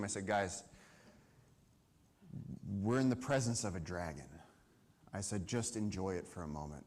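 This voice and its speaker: A man with a lowish voice tells a story on a live event stage. He talks in a lively, animated way and acts out what people said. He speaks into a stage microphone. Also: slight background noise. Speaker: conservation speaker.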